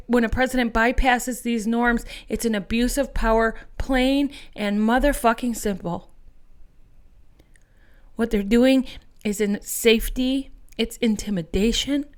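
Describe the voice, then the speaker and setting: A woman's voice: fairly high pitch, steady tone, unhurried. A woman hosting an activist podcast, delivering an angry, profane political monologue and rallying her listeners as friends.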